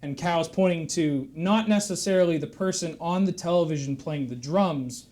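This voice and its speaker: A man spins a drawn-out shaggy-dog joke in a deadpan, meandering way, stopping to over-explain small details. His voice sits a bit high for a man. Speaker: comedian telling a joke.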